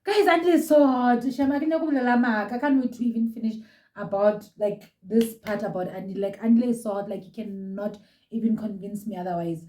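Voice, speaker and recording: A woman's voice: mid-range voice, moderate pace, warm tone, distant mic. A young South African woman chatting in a gushing, casual way, reviewing a reality show from home. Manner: gushing, chatty, code-switching. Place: room at home. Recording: roomy echo, set back from mic.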